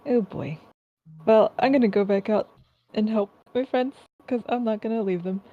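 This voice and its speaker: A woman's voice: on the high side, normal speed. Eager woman player, dull lo-fi sound. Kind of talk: casual game talk.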